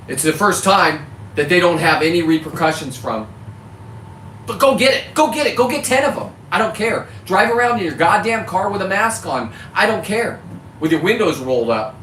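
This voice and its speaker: A fired-up man from California rants straight to camera, swearing freely and then scolding himself for it. His fairly high voice has a bright, forceful edge. He sounds set back from the mic in an echoey space with a faint hiss underneath. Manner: heated, profane, self-correcting about cussing. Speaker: fisherman vlogger. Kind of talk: ranting monologue to camera. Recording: echoey, distant mic with faint background noise.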